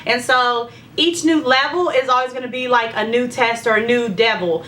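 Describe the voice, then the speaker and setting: A woman's voice: a little high, normal speed, sharp tone, recorded from a distance. A young woman with heartburn chatting candidly through a pregnancy update, full of fillers and talk of faith. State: heartburn, secretly burping. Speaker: vlogger. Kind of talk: casual pregnancy update chat.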